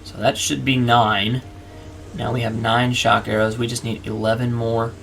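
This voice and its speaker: A man's voice: mid-range voice, little pitch movement, moderate pace, creaky, fairly bright tone, slight background noise. A man hosting a let's play, chatting casually and narrating each move to the viewer. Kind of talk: casual gameplay commentary.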